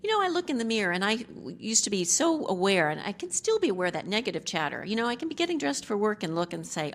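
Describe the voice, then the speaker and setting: A woman's voice: mid-range voice, big pitch swings, fast, hardly any pauses, a little hiss or hum. A middle-aged woman giving a personal testimony as a speaker at a recovery group meeting, candid and rambling with frequent asides and self-deprecating humor.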